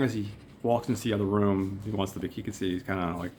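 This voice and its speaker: A man's voice: on the low side, steady tone, fast talker, a little mellow, slight background noise. A man hosting a podcast, casually retelling and reading aloud from a graphic novel in a loose, filler-heavy way. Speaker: podcast host. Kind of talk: casual recap and read-aloud. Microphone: camera on tripod.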